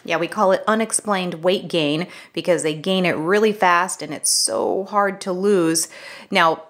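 A middle-aged woman co-hosting a health podcast, explaining things in a casual, conversational way that turns animated when she tells a story. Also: lowish voice, measured pace. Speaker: podcast co-host, health practitioner.

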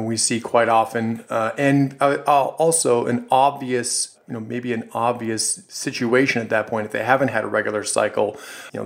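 A man co-hosting a health podcast, speaking in a halting way with many fillers as he agrees and adds points. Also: mid-range voice, creaky, a bit bright. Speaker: podcast co-host, health practitioner. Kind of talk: casual health podcast discussion.

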